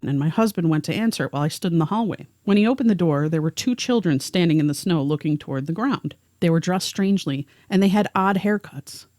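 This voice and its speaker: A woman's voice: fairly low pitch, fast talker, hardly any pauses, darkish tone, no echo. A woman co-hosting a podcast, narrating a first-hand story and reading the witness's words aloud. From rural area. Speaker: podcast co-host.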